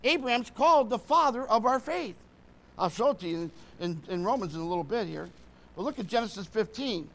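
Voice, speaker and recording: Male preacher, high and bright, fervent, keeps checking that the church is with him. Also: animated, fairly quick, creaky, a little hiss or hum. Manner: fervent, often asks the congregation to follow along. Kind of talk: sermon.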